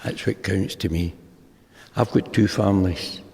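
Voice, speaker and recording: An older Scottish man shares his testimony in a big meeting hall. His voice is low and gravelly, and it rings out in a long reverb. He rambles from one anecdote to the next and acts out each exchange. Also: measured pace, darkish tone. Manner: rambling storyteller who acts out the dialogue. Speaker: speaker sharing at a recovery meeting. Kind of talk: personal testimony talk.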